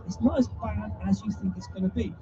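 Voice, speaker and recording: High-voiced joking showman, distant and muffled. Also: a little fast, noisy background. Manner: chatty, teasing, playful showman. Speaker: live animal show presenter. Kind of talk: jokey live show patter to an audience. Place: live indoor show with audience. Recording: distant mic, dull sound, music behind.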